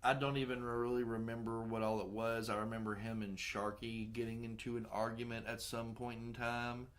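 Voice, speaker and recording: A man hosting a podcast, telling film-set stories in a casual, profane, animated way. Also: medium pitch, moderate pace. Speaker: podcast host and film director. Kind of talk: casual storytelling chat.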